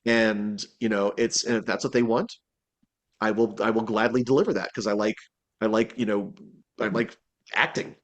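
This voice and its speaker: The man, a voice actor being interviewed, has a lowish voice and a moderate pace. He chats casually and rambles, stumbling through restarts and fillers while acting out quotes with energy.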